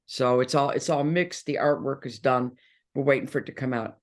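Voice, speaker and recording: An older woman guesting in an interview, telling lively stories in casual chat and laughing often. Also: a bass voice, a little fast.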